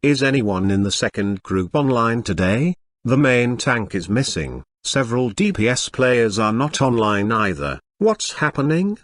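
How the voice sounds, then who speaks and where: A synthetic male voice reading the lines of a worried young woman who leads a guild, in a steady storybook delivery. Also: medium pitch, a little slow, dry recording.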